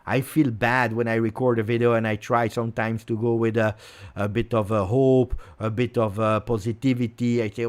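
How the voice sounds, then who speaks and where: Hosting a live football watch-along, a fan streamer rants in exasperation and repeats himself a lot. His voice is medium-pitched and steady, at a moderate pace.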